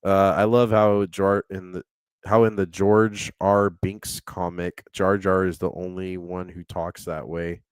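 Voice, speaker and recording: Rambling low-voiced man reading chat. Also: little pitch movement, measured pace, smooth, no room sound. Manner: rambling, laughs often, reads chat comments aloud. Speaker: podcast co-host reading chat. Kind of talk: casual podcast chat.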